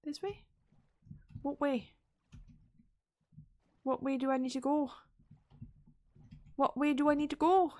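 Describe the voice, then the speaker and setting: A woman streaming a game gives live commentary in a playful, chatty self-talk, often repeating words and slipping into whispered asides. Her voice sits high with a darkish tone, and she speaks slowly with long pauses.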